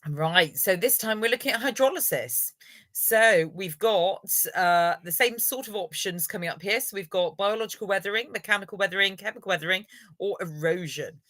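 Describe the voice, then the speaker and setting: A woman's voice: mid-range voice, moderate pace, fairly bright tone, dry recording. A woman hosting a live online revision lesson, encouraging viewers and running a quiz. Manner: encouraging, upbeat, praises viewers.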